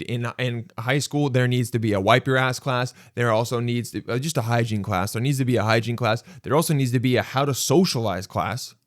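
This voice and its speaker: A man's voice: medium pitch, no room sound, studio quality. Rambling self-mocking man podcasting solo. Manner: rambling, self-mocking, acts out imagined dialogue. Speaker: podcast host.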